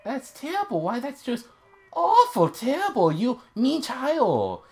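A man's voice: huge pitch swings, a little slow, heavily acted. A man voicing a whiny male beggar with theatrical, wheedling pleas. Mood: pleading. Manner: theatrical, high whining pleas. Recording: faint music behind.

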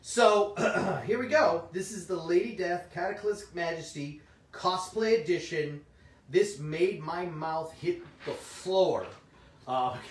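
A middle-aged man, slightly hoarse, hosting a comic shop livestream in casual, chatty talk and answering viewers' comments. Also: high-pitched. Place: indoor room. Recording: roomy, distant mic, faint noise.

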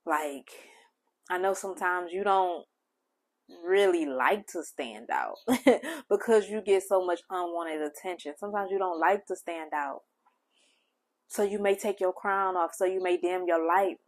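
A woman hosting a spiritual channel, speaking gentle, heartfelt affirmations straight to the listener. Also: on the low side, a little slow. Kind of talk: affirming spiritual message to the viewer.

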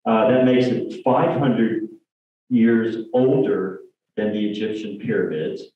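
A man giving a rambling church presentation, full of fillers, restarts and jokey asides. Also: medium pitch. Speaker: lay speaker. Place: church hall. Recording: distant mic, echoey sanctuary, dull lo-fi sound.

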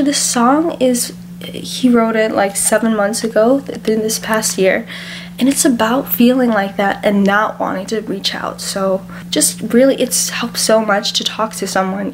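A woman's voice: fairly high pitch, noisy background. A woman talking casually to the camera, teary and hesitant, often stopping and restarting. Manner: halting, hesitant and soft-spoken. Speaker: cover singer.

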